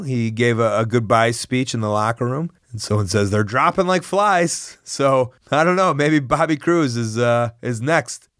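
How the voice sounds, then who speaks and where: A man's voice: mid-range voice, fairly bright tone, no echo, clean studio sound. A man hosting a podcast, asking guests casual questions backstage with teasing jokes. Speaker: podcast host. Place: backstage locker area.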